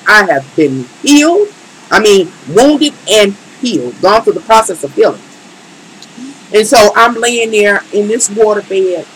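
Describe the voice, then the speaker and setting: A woman's voice: mid-range voice, a bit bright, slight background noise, poor audio. A woman tarot reader in a casual live stream, speaking emphatically and colloquially and talking straight to her chat.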